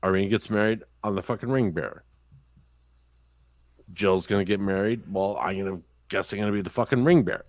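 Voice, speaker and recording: On this podcast, the man's voice sits lowish and moves fairly quickly, recorded without echo. He's the host, spinning childhood tales casually, cursing a lot and doing voices for the people involved, an animated and profane raconteur.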